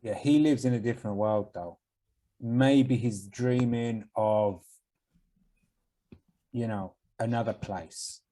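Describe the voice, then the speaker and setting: Mellow, laid-back young man podcaster. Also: fairly low pitch, slow pace, long pauses, low-quality recording. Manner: laid-back, giving blunt advice with swearing. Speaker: podcast co-host. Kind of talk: casual chat.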